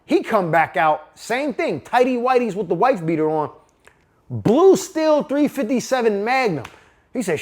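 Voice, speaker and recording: A man from Pittsburgh telling a personal story in a casual, animated way, full of profanity and street slang. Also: high voice, normal speed.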